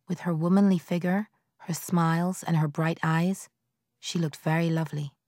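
A woman narrating a novel in the first person, in a measured, quiet storytelling manner. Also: fairly low pitch, fairly even intonation, dry recording, studio quality. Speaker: audiobook narrator.

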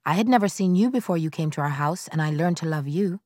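A woman's voice: deep voice, animated, quick pace, a little mellow, dry recording, studio quality. A woman reading aloud, voicing an earnest young girl about to be married. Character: hopeful young bride-to-be girl.

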